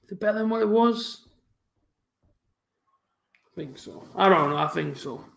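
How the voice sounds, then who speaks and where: Young guy streaming footy chat, talks a mile a minute, mumbles, bit of a stutter, slightly high voice, echoey room. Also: lively intonation, creaky, a bit bright. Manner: fast-talking, mumbling, with a stutter. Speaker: football fan streamer hosting a live match watch-along. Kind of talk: casual live-stream chat.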